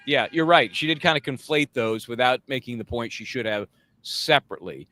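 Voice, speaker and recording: Talking a little fast at medium pitch, this legal commentator co-hosts a relaxed chat about a court trial. He comes across as wry and conversational, quoting other people with lively impressions.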